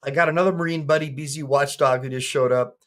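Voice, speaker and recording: A man's voice: fairly high pitch, fairly even intonation, fast, a bit bright. Rambling, joking man hosting a stream. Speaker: attorney and livestream host. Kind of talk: casual livestream chat.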